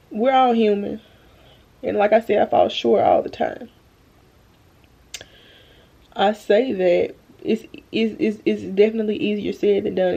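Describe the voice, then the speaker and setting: Drained young woman, gravelly voice. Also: medium pitch, mellow, lo-fi sound. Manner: earnest, slow and halting, addresses viewers as y'all. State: drained, holding back tears. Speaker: vlogger. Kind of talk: emotional faith-filled vlog talk. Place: at home, bedroom. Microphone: phone camera.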